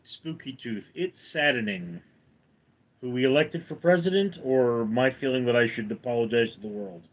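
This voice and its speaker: Reading out viewer comments and responding at a measured pace, this middle-aged livestream host from the United States speaks with a General American accent. His voice is medium-pitched, and the recording sounds muffled.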